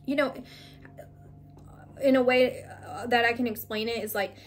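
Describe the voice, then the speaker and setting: A young woman giving a casual spiritual card reading, rambling with many fillers and restarts, gently reassuring. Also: on the high side, fairly even intonation, moderate pace, slight background noise. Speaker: tarot reader.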